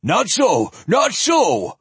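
A man's voice: mid-range voice, sing-song, normal speed, fairly bright tone, slightly rough, no room sound, voice pushed up. A man voicing a pompous, self-important male zealot who blusters arrogantly and rises to a half-shriek.

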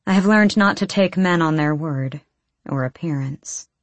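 A woman's voice: deep voice, dry recording, lightly acted. A woman reading the lines of a guarded, wry young woman warrior in an audiobook. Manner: wry, measured.

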